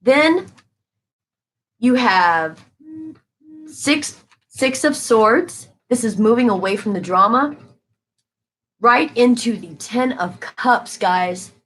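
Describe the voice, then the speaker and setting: A woman's voice: mid-range voice, a bit bright, slight background noise, low-quality recording. A woman giving a live-stream tarot reading, talking casually and emphatically to her viewers and answering their comments as she goes.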